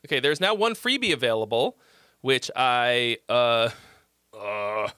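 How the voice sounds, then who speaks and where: A man's voice: medium pitch, lively intonation, measured pace, pushed and bright, smooth, no echo, clean studio sound. A man from Massachusetts hosting a livestream, giving song feedback in a rambling, chatty way and laughing easily. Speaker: host reviewing listener songs. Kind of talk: casual livestream commentary.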